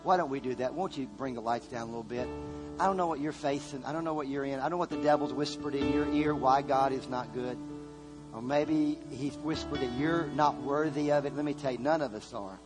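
A man preaching a sermon to a congregation, telling a story and then leading prayer, earnest and slowing down to stress key words. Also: on the high side, steady tone. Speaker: pastor. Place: church service before a congregation. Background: soft guitar music.

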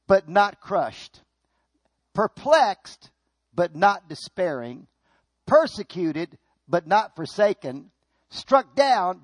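A man preaching a sermon as pastor, swinging between soft asides and loud emphatic lines and often repeating words. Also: high voice, no room sound.

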